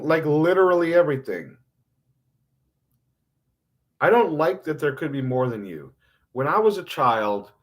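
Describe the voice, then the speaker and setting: A man streaming a rambling solo monologue, self-mocking and swinging between mumbled asides and loud outbursts. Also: mid-range voice.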